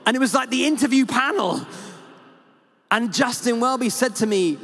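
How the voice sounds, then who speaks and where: Male priest, high tenor, lively chatty storyteller; echoing hall sound. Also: normal speed, creaky, long pauses. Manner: animated, chatty, with lots of fillers. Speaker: parish priest. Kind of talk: storytelling sermon. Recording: echoey hall with long reverb.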